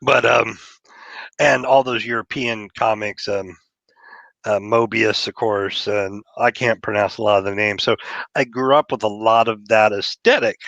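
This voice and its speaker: Texan guy, low voice, rambly and relaxed, dull dry remote-call audio. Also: measured pace, vocal fry, dry recording. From Texas. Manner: laid-back, rambling, frequent fillers. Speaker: comic creator guest. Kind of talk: casual interview chat.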